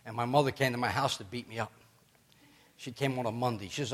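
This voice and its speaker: A middle-aged man preaching a sermon as pastor, chatty and animated, telling stories with joking asides. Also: medium pitch, fast.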